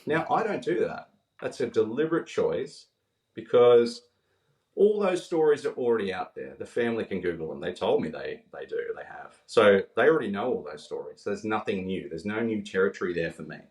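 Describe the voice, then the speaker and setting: An earnest man shares heartfelt stories on a podcast, his voice sitting fairly low. He sounds set back from the microphone in a room with a lot of echo. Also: expressive, a little fast, darkish tone, distant mic. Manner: earnest, heartfelt, quoting others as he tells stories. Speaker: podcast guest. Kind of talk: emotional storytelling in conversation.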